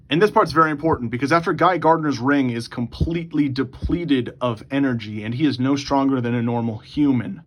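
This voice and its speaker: A man hosting his own channel, recapping an imagined story in a casual, excitable, profane way, rushing through in bursts. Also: mid-range voice. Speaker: YouTube host.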